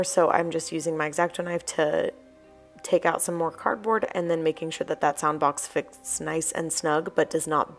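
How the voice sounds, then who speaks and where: A young woman narrates a do-it-yourself tutorial in a friendly, explanatory voice-over. Her voice is a bit low and croaky, as if recorded early in the morning. Soft music plays faintly beneath her. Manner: chatty, explanatory, apologetic asides. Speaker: DIY crafts channel host.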